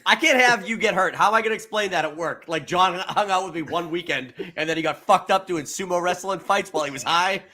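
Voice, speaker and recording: Bright, high-voiced animated podcast guy. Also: fairly quick, few pauses. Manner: animated storyteller, laughs often, acts out others' lines. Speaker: podcast co-host. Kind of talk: casual chat.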